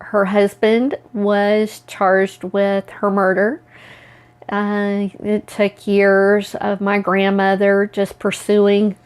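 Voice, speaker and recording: A woman's voice: mid-range voice, a little mellow, clean tone. A middle-aged woman from Oklahoma with an Oklahoma Southern accent, giving an earnest, confiding motivational talk to camera. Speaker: self-empowerment vlogger.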